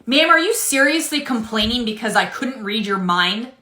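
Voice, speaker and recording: A woman playing a patient female retail cashier who stays flat and polite with rude customers in a comedy skit. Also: a little high, normal speed. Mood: deadpan. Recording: echoey room.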